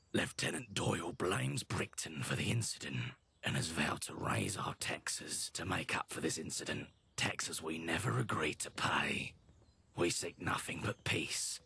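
An actor playing a serene, peace-loving male villager in a game, speaking in a hushed half-whisper. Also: low voice, gravelly, slightly rough, full character voice. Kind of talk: video game voice acting.

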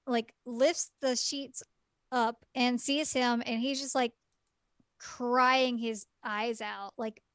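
A woman on a podcast, casually retelling a story. She fills her talk with "like" and "um" and breaks in with quick laughs and exclaimed asides. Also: on the high side, dry recording. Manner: chatty, filler-heavy retelling with lots of "like" and "um". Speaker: podcast co-host reviewing a game.

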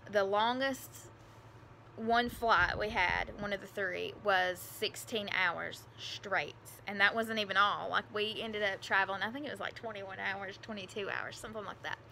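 Bright-voiced woman with a country accent. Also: mid-range voice, fairly even intonation, moderate pace, creaky, slight background noise. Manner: rambling, earnest, many fillers. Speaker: adoptive mother vlogger. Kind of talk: casual storytelling.

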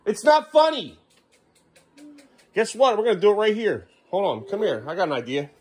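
A man's voice: high voice, lively intonation, normal speed, a little mellow, slightly rough. A man filming his kids at home in a casual vlog, exasperated and half-laughing as he talks to them. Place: family home.

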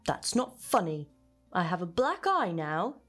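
Woman playing a grumpy complaining hammerhead shark, lively storybook reading, soft music under. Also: on the low side, a little slow, exaggerated voice. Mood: sulky.

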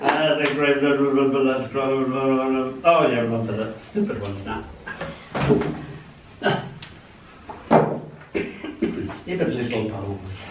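A man's voice: medium pitch, drawn-out words, pauses often. A middle-aged man giving a live poetry reading at a showcase, wry and given to chuckling asides. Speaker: poet. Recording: roomy hall, distant mic, faint room noise.

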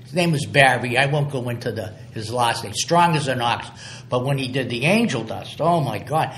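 A man from Somerville, Massachusetts, is a guest in a casual interview, telling stories in a rambling way and repeating words as he acts out old conversations. His medium-pitched voice is fairly bright, with lively intonation and a moderate pace. The echoey room carries slight background noise.

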